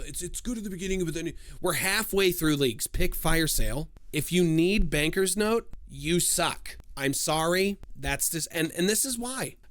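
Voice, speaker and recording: A man giving a casual game walkthrough, firing off step-by-step instructions with joking asides. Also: a little high. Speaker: streamer giving a game guide.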